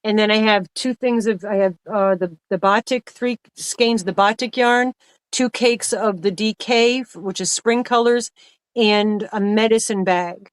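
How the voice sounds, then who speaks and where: A woman's voice: medium pitch, steady tone, a little slow, smooth, no echo. A woman co-hosting a live stream, chatting casually in a rambling way that repeats itself. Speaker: livestream co-host.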